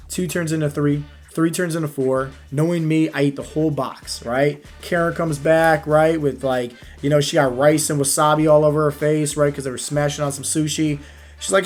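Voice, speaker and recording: A man speaking as a fat-loss coach in a casual motivational talk, energetic and storytelling, often checking in with the listener. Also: a little high, normal speed, faint music behind.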